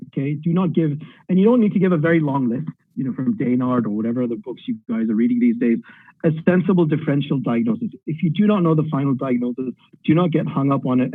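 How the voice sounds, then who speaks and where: A middle-aged Pakistani man, a radiology tutor, gives direct exam advice in an online lecture, thinking aloud and using fillers. His mid-range voice is slightly rough, captured in a dry recording with narrow, tinny audio.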